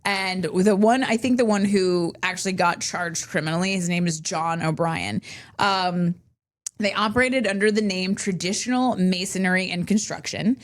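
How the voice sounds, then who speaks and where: Chatty woman co-host. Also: normal speed. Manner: chatty, laughs often, jumps to big animated pitch swings. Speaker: podcast co-host. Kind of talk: casual chat.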